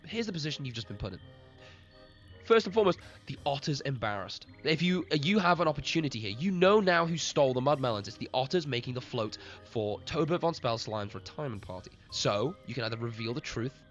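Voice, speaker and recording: A man's voice: mid-range voice, animated, brisk, a bit bright. Rambling man running a streamed tabletop game. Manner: rambling, laughs often, addresses chat. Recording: lo-fi stream with faint music.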